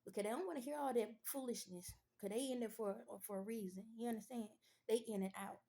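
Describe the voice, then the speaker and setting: A woman in casual talk to camera, speaking with a slightly high voice. Her tone is mellow and soft-edged. She tells stories animatedly, breaking into little acted-out pitches and customers. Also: quick pace, creaky. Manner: informal, exclamations to the Lord. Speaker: vlogger.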